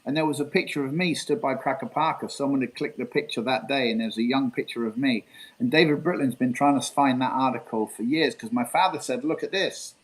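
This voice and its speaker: Guy in his 60s rambling through old stories, middle pitch, lots of restarts. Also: a little fast. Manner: rambling, full of restarts and quoted dialogue. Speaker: guest street magician. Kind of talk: casual storytelling interview.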